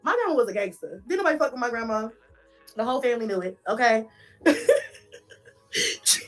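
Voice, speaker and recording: Woman, 30s; high, lively, animated storyteller with soft music under her. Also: fairly quick, pauses often. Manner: animated, swearing, laughing while telling stories. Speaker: mother vlogger. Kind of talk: casual storytelling vlog.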